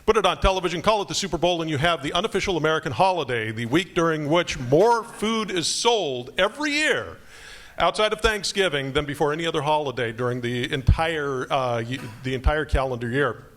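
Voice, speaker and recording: Fast-joking male professor. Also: on the high side. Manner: fast, joking, lively talk. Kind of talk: lecture to incoming students. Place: auditorium.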